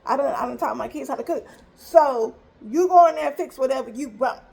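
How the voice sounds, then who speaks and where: A high-pitched woman in her thirties tells a family story straight to her viewers. She talks in an animated, emphatic way, circling back and repeating lines to drive her point home. The delivery is loose and conversational, like a casual storytime vlog. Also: brisk, gravelly. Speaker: mother telling a story to viewers.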